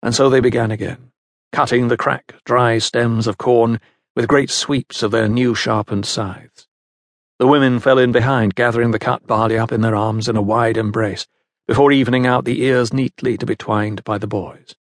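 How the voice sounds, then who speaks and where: A man giving a measured, scripted narration of a historical novel. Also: mid-range voice, steady tone, no echo, studio quality. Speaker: audiobook narrator.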